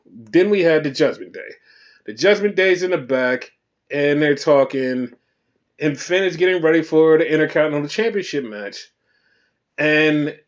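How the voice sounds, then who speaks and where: Animated, profane podcast host, a man. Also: a little high. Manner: animated, profane, reenacts quotes. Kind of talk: solo wrestling recap podcast.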